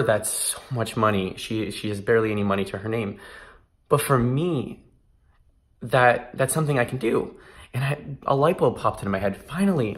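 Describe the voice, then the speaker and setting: A man's voice: mid-range voice, a bit bright. A man in his twenties talking earnestly in a casual vlog, emphatic and given to restarts. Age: 20s. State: emotional, close to tears. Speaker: vlogger.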